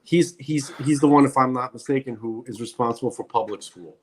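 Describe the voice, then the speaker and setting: A man's voice: medium pitch, a little fast, a little hiss or hum. A man co-hosting a podcast, speaking in a blunt, ranting way with emphatic repetitions. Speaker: podcast co-host. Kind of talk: casual opinionated chat.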